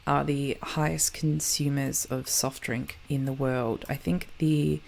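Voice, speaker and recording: A woman's voice: very deep voice, level tone, slow, vocal fry, a little mellow, a little hiss or hum. A woman hosting a geography show, chatting casually over map footage and often correcting herself.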